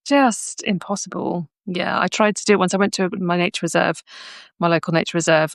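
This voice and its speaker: A woman's voice: on the low side, fairly even intonation, a little fast, gravelly, no echo, studio quality. A woman from southern England hosting a live art session, chatting casually with many restarts and frequent laughs. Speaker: art club host. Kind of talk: casual chat during a live sketch-along. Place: art studio.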